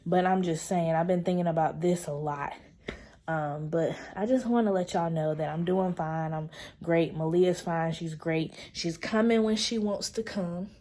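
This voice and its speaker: A young woman with a low, mellow voice talks straight to her camera in an easy, chatty vlog update. She is earnest and open, calls her audience y'all, and now and then drops to a soft whisper for an aside. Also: moderate pace. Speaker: vlogger. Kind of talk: casual chat to camera.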